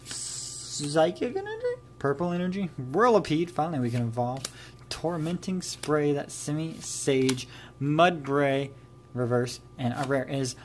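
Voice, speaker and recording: A man's voice: a little high, a little hiss or hum. A man casually commenting while he opens trading card packs, chatty and giggly, muttering card names as he goes. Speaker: trading card pack-opening YouTuber.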